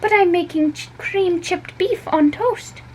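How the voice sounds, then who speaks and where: A woman's voice: very high-pitched, a little slow, darkish tone, a little hiss or hum, voice pushed up, poor audio. A woman voicing Mrs Capello, a hospitable storybook mother with a slight Italian accent. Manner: hospitable, mock-wounded.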